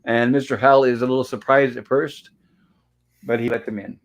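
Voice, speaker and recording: A man's voice: mid-range voice, fairly even intonation, fairly quick. Chuckling man rambling through an episode recap. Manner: rambling, chuckling, leans on "and of course". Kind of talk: casual episode review chat. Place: home.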